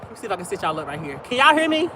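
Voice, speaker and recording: A trans woman who lives in her car, chatting in slangy storytelling on a phone livestream while she walks outdoors in a field near a highway. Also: big pitch swings, very fast. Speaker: vlogger living in a car. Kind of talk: casual livestream chat. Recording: loud outdoor traffic noise. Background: highway traffic.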